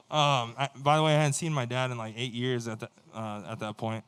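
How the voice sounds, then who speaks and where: A band member telling a story casually on a livestream, cursing freely and acting out what other people said. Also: male voice, mid-range voice, brisk, hardly any pauses, clean tone. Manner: animated, profane, acts out quoted dialogue.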